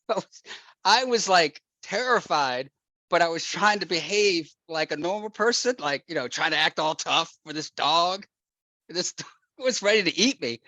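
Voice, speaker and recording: A man, a real estate investor as guest, telling an animated anecdote with frequent laughs and acted-out quotes. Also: on the high side, dry recording. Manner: laughs often, acts out quotes.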